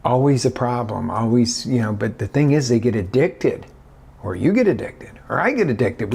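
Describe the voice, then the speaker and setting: A man's voice: lowish voice, vocal fry, slightly rough. A man talking as a motivational life coach in a live video, acting out little scenes with big jumps in his voice. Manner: animated, acts out scenarios with big voice inflections. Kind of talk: motivational talk.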